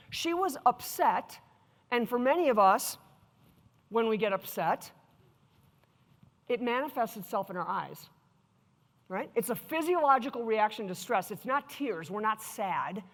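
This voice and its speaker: A woman giving a keynote talk with a fairly high voice. She tells her stories in a chatty, lively way and keeps turning to the audience. The sound carries the long echo of a large hall. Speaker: keynote speaker. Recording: echoey hall.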